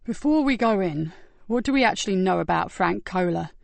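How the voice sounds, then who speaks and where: A woman narrator voicing a courteous, observant male detective who speaks calmly and formally. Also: sits high, fairly quick, vocal fry, no room sound, heavily acted.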